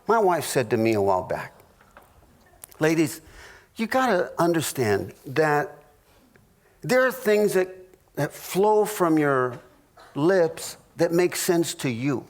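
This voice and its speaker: A middle-aged man, a pastor, teaching a marriage class in a humorous sermon, telling stories with halting restarts and jokey asides. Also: on the high side, sing-song.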